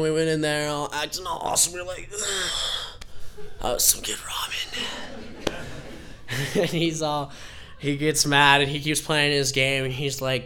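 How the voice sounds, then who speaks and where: A man's voice: fairly high pitch, smooth. Young man telling a rambling story. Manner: rambling, laughing, animated retelling. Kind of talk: live personal storytelling.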